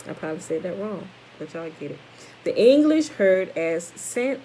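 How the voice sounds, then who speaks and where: Low mellow woman reading aloud. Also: animated, unhurried, a little hiss or hum, rough recording. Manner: reads steadily, breaks off for informal comments to listeners; stumbles over words and corrects herself. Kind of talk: reading a text aloud with casual asides.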